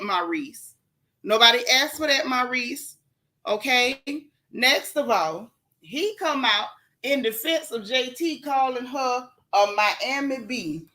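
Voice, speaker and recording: A woman's voice: on the high side, lively intonation, unhurried, sharp tone. A woman from Central Florida hosting a live stream, giving casual gossip commentary in a sassy, blunt way and greeting her viewers by name as she talks. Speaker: livestream gossip host.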